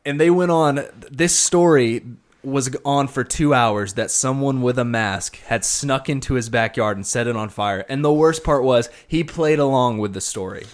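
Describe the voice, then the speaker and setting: Co-hosting a casual podcast, a man tells a long story at a normal speed in a mid-range voice. He's an animated storyteller, acting out the people in the tale and performing their quotes.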